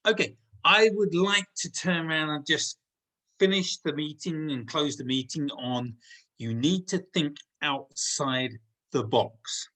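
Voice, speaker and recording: A man hosting a meeting, telling a motivational story in a relaxed, conversational way. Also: on the high side, a little slow, poor audio. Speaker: meeting host.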